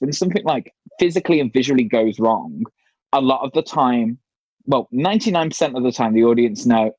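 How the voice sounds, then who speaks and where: A man's voice: mid-range voice, a little mellow, dry recording, highs cut off. A man, a drag performer, chatting casually on a panel and laughing through his stage stories.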